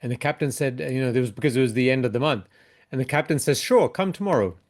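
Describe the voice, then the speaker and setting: A man's voice: mid-range voice, fairly even intonation, fast. A man, a startup investor, giving a reflective keynote talk and closing with a short parable. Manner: earnest, closes with a short parable.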